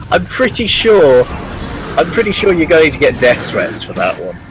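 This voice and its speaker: A man's voice: high voice, rough recording. A man co-hosting a game stream, teasing and joking, laughing easily. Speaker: stream co-host. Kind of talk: casual banter on a game stream. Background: game music.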